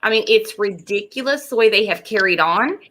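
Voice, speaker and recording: Brief: woman host, mid-pitched, blunt, hammers points by repeating. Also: lively intonation, brisk, fairly bright tone, slight background noise. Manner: blunt, emphatic, repeats herself. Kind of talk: casual chat.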